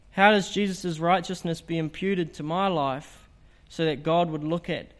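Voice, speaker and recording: Male preacher, slightly raised pitch, earnest and emphatic delivery, sermon. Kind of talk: evangelistic sermon.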